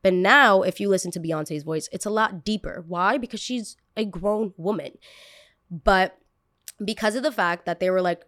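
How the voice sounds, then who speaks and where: A woman hosts a casual podcast in a lively, chatty voice at a mid-range pitch. She rambles and curses freely, slipping into quick voices for the people she quotes. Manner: animated and chatty, swears casually, acts out quotes. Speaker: podcast host.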